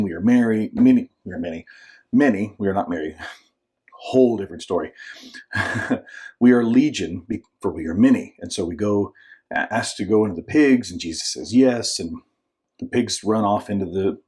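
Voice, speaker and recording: Male minister, low husky voice, casual storytelling devotional, acts out the voices. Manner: conversational storytelling, acts out voices with sudden shouts and whispers; frequent restarts and filler asides. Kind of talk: informal short devotional talk.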